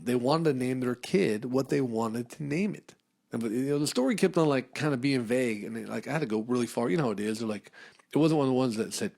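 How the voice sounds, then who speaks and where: A man's voice: mid-range voice, gravelly, a little mellow. Rambling, cussing male podcast host. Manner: rambling, profane, many fillers. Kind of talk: casual comedic monologue.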